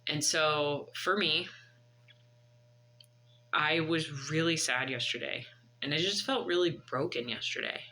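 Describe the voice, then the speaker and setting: Woman in her 30s, really bright sharp voice, earnest heartfelt storytelling. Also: sits low, a little slow, long pauses, slight background noise, low-quality recording. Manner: earnest, reflective, faith-driven. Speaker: vlogger. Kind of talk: candid personal storytelling.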